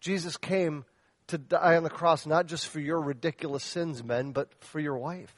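A man preaching a sermon as pastor, passionate and direct, shifting between loud exhortation and soft, earnest asides as he questions the men in the congregation. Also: a little high, steady tone, normal speed, no room sound.

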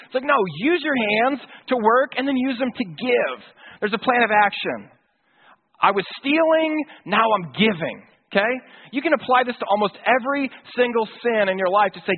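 A man's voice: very high-pitched, expressive, normal speed, slightly rough. A man preaching a sermon in a casual, conversational way, with slang and acted-out quotes. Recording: tinny phone-like sound.

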